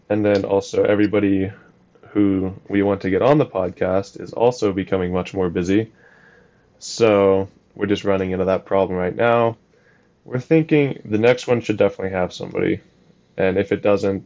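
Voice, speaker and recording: Young guy cohosting a podcast, deep-ish voice, flat deadpan talk, kinda muffled audio. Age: young adult. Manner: even, flat delivery. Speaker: podcast co-host. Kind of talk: casual chat.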